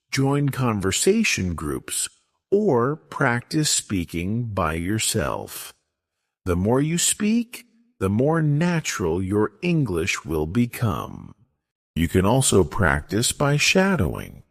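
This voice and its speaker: A man narrates a scripted English lesson in a slow, deliberate way. His pitch swoops up and down dramatically from phrase to phrase. The recording is dry and close, with no room sound. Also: vocal fry, no room sound. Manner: slow, deliberate delivery with strongly rising and falling pitch. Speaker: English teacher.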